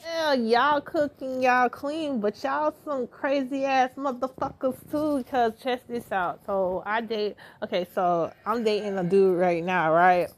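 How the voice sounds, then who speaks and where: A woman's voice: a little high, unhurried, few pauses, a little hiss or hum. A woman from Florida, a listener whose message is being played, talking frankly and profanely in a casual way. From Florida, United States.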